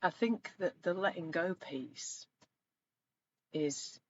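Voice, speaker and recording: A middle-aged woman coaching in a live online session, speaking reflectively and gently and growing animated when she retells stories. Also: on the low side, slow. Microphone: video call. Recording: slightly dull lo-fi sound with faint noise.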